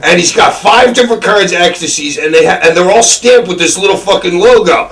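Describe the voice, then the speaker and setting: A man's voice: sits high, fairly quick, a bit bright, distant mic. A man chatting and telling rambling, profane stories in a casual shoot interview. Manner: rambling, profane, laughs easily. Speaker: pro wrestler.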